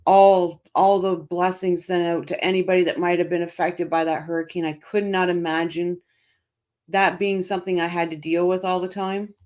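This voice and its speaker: A woman's voice: fairly low pitch, level tone, normal speed, a little mellow. A middle-aged woman hosting a casual livestream, chatting and reading out viewer comments with frequent restarts. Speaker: livestream host.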